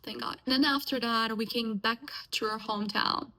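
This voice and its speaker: Young Brazilian woman, Portuguese native, slightly high gravelly voice, reflective personal storytelling with halting restarts. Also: steady tone, bright, forceful tone, poor audio. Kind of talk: personal life story told casually.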